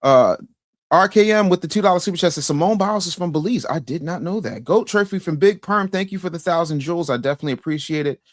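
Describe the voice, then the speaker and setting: A man runs a live call-in show, blunt and in command, reading out super chats and cutting off callers who get heated. His voice sits a little high, recorded close and dry. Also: fast talker, dry recording. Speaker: host.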